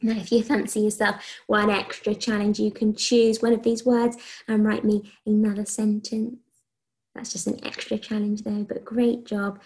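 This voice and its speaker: A woman teacher from England talks young pupils through a recorded phonics lesson. Her voice carries a rough, creaky edge. She dictates sentences slowly and sounds out letters, with frequent cheerful praise. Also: mid-range voice, level tone, a little mellow. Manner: slow, clearly sounded dictation with encouraging praise. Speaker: primary school teacher.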